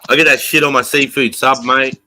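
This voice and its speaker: A man's voice: medium pitch, steady tone, a little fast, pushed and bright, rough recording. An Australian man in crude, laughing banter on a live stream, telling stories and swearing affectionately. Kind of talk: casual banter and storytelling.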